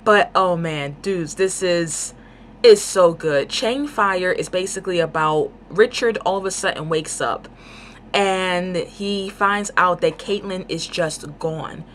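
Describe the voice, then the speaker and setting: A woman giving a casual book review, talking in an excited, rambling way with lots of fillers. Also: fairly low pitch, slow, slight background noise.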